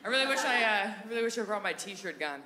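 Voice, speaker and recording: A woman in her thirties performing a goofy stand-up set on a theatre stage into a handheld microphone, slipping into squeaky and whispery character voices. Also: lively intonation, fast, sharp tone. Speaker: stand-up comedian. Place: comedy theatre stage with audience. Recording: live theatre recording with audience noise.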